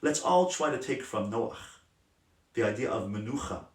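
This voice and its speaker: Rabbi guy teaching a class, passionate then soft, sounds far off in an echoey room. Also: lowish voice, lively intonation, moderate pace. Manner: passionate, emphatic, drops to soft gentle tones. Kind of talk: Torah class on parenting. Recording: roomy sound from a distant mic.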